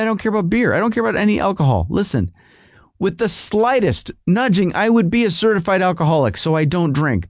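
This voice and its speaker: A man's voice: sits high, no room sound, clean studio sound. A man hosting a podcast, telling a comic story in a whiny, rambling, exasperated way. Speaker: podcast host. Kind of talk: comedic storytelling monologue.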